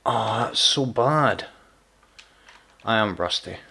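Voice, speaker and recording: A man's voice: lowish voice, animated, slow, creaky, bright, forceful tone, husky. Man, gaming streamer, chatty, teasing, stammers and restarts. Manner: chatty, repeats words, teasing. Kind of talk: casual live gameplay chat.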